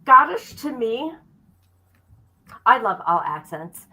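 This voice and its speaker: A woman's voice: fairly high pitch, very animated, slow, bright, forceful tone, low-quality recording. A woman hosting a livestream, boisterous and laughing as she chats with a guest. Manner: boisterous, laughing, know-it-all banter. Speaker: livestream host. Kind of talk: casual livestream chat.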